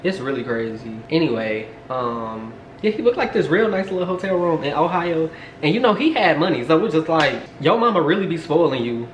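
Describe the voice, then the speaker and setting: A man's voice: on the high side, lively intonation, fairly quick. A young man telling a rambling story to camera, full of fillers and asides. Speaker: storytime vlogger. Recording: echoey room, faint background hum.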